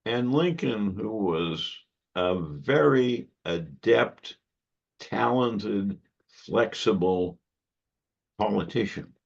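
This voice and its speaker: A man giving a history lecture to a club audience, measured and given to wry asides. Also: on the low side, lively intonation, vocal fry. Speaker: guest lecturer. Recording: dull lo-fi recording.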